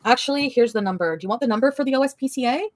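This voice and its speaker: A woman's voice: a little high, animated, very fast, dry recording. A woman livestreamer answering her chat in a heated, profane, confrontational rant.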